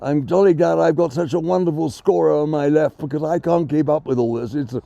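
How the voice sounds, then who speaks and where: A man calls a cricket match ball by ball, genteel and a little whimsical. His voice sits fairly high but is mellow and gravelly. The recording is dry and dull, with a muffled, lo-fi quality. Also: moderate pace. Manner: genteel, chatty, self-deprecating. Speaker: cricket commentator. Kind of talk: live ball-by-ball commentary. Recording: dull lo-fi sound.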